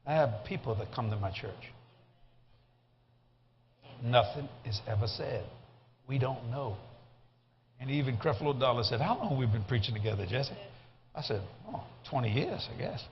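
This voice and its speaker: An older man with a Cajun Louisiana accent, preaching a humorous sermon in a folksy, animated way and laughing often. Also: mid-range voice, normal speed, long pauses. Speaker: guest preacher. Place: church sanctuary. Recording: muffled live sermon recording with background noise.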